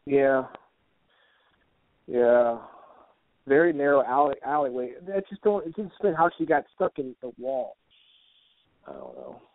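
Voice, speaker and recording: A man's voice: mid-range voice, very animated, a little slow, long pauses, no room sound. A man co-hosting a paranormal news podcast, reading stories and riffing with crude, profane jokes. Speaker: co-host. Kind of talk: casual comedic podcast chat. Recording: tinny, phone-like, dry.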